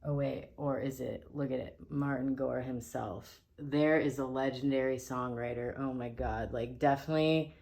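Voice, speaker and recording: In a dim room at home, a woman musician reviews shows in a casual, rambling video, soft-spoken and often correcting herself. Her voice is extremely low, creaky, and steady in tone at a moderate pace.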